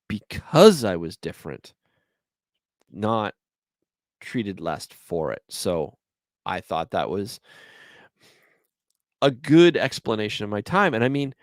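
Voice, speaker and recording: A Canadian-accented man with a lowish voice hosts a solo podcast, rambling through his stories in easy conversation. The sound is dry and close, with no room around him. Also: no echo. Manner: chatty, rambling storyteller. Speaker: podcast host.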